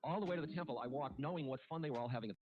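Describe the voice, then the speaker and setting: Candid storytelling man over music. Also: medium pitch. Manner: halting, candid, self-mocking, with frequent restarts. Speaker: spiritual teacher. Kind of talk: reflective storytelling talk. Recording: muffled archive recording with music. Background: music playing underneath.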